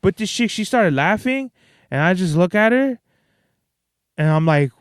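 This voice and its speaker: Podcast host, male, swears constantly in casual slang, clear voice with a dry, close sound. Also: high voice, expressive, unhurried, no echo. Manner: profane, slangy, rambling storytelling. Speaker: podcast host and stage performer. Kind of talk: casual solo monologue.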